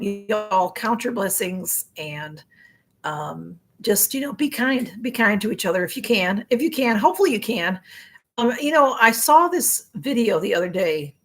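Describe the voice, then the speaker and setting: A middle-aged woman with a Chicago accent hosts a live stream in a casual, rambling chat, reading out viewer comments, her voice going a little hoarse. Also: mid-range voice. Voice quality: rambling, chatty, with frequent fillers and restarts. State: voice getting hoarse.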